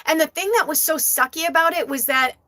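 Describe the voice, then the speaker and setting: A woman with a high-pitched, brisk voice that sounds pushed and bright works as a psychic medium, giving a live channeled reading. She also tells a personal story, rambling casually with lots of fillers and some swearing.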